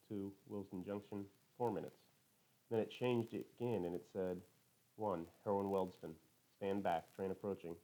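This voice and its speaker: A man's voice: lowish voice, dark tone, low-quality recording. A man narrating an audiobook in first person, in a literal, matter-of-fact, detailed way.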